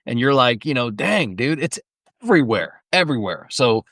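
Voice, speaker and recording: A middle-aged man talks in an easygoing, conversational way on a podcast and often chimes in to agree. His voice sits at a middle pitch. The recording is dry and close. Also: animated, moderate pace, a bit bright, no room sound. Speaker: podcast co-host or guest. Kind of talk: casual chat.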